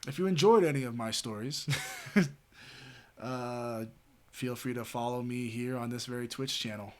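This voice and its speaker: Late at night, a man with a medium-pitched voice streams and tells a story at an unhurried pace. He rambles casually, leaning heavily on filler words and swearing often.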